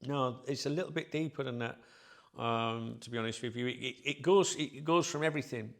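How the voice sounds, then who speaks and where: A man with a gravelly, fry-edged voice talks casually to his viewers as the channel's host. He rambles, filling gaps with ums and starting sentences over, and his pitch sits in an ordinary middle range. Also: a little fast, fairly bright tone. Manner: rambling, many fillers and restarts.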